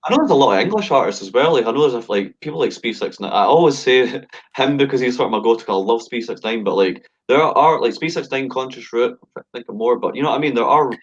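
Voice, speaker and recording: A man's voice: mid-range voice, animated, fast talker, hardly any pauses. A young Scottish man, a rapper, talking bluntly in a casual interview, swearing freely and leaning on fillers. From Scotland. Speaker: rapper guest. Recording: dull lo-fi sound.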